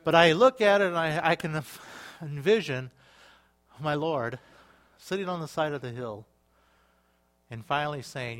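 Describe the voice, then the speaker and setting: A man preaching a sermon to his church, lively and conversational, bursting into exclaimed hallelujahs and acting out little quoted exchanges. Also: fairly high pitch, measured pace, long pauses. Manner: animated, with sudden exclaimed hallelujahs and acted-out quotes. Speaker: pastor.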